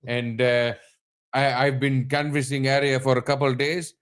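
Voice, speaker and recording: A man's voice: medium pitch, little pitch movement, moderate pace, clear, resonant tone, natural voice. A man voicing a stiff male housing inspector with a put-on Indian accent. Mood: officious.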